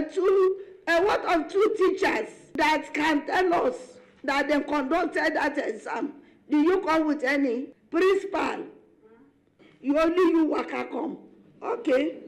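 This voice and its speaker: A woman voicing an impression of a pompous Nigerian First Lady who scolds and wails in a drawn-out way, in a comedic skit. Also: extremely high pitch, pitched above the performer's own voice. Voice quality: drawn-out wailing, repeats "there is God, oh".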